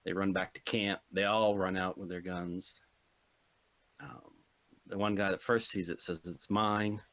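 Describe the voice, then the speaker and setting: A man's voice: low-pitched, flat delivery, a little slow, fairly bright tone. A man co-hosting a casual movie podcast, recounting a plot dryly in short, plain sentences. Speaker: podcast co-host.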